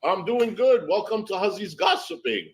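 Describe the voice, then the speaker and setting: A woman's voice: mid-range voice, sing-song, normal speed, husky, rough recording. A woman hosting a gossip livestream, chatting casually in a sassy way and calling people honey and darling. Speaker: livestream host.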